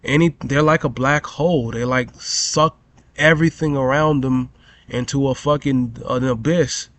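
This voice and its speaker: A man's voice: mid-range voice, fairly even intonation, a little slow, a bit bright. A young man telling a profane, rambling story as a vlogger rant, full of "bro" and "you know".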